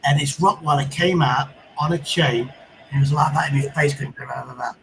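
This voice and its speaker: Middle-aged man, rambling sweary storyteller, a little high in pitch, faint noise behind. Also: steady tone, normal speed, fairly bright tone, rough recording. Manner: swearing anecdotes with sound effects. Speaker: livestream host. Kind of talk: casual chat.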